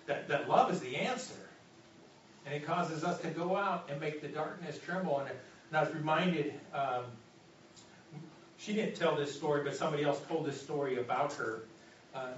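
A man preaches a sermon in a very echoey sanctuary, heard from some distance through a dull, muffled pickup. His voice sits a bit high, and he stumbles and restarts often before building into urgent calls to his listeners. Soft music plays quietly underneath. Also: slight background noise. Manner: halting with many restarts, rising to urgent exhortation. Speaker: pastor. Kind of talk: sermon with story and closing prayer. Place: church sanctuary. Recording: roomy distant church PA recording, dull.

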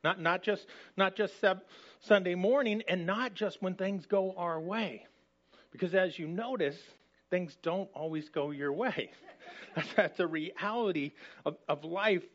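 A higher-pitched man preaches a sermon in a conversational yet emphatic way, often restarting his phrases. The recording is dull and lo-fi, with the top end muffled. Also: a bit bright. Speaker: pastor.

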